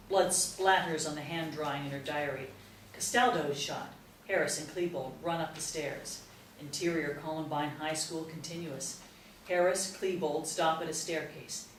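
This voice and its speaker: A woman narrates stage directions in a crisp, matter-of-fact way. Her voice is low for a woman. She is heard from a distance in a roomy space, with a faint hiss underneath. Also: fairly even intonation, a little slow. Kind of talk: screenplay table read narration.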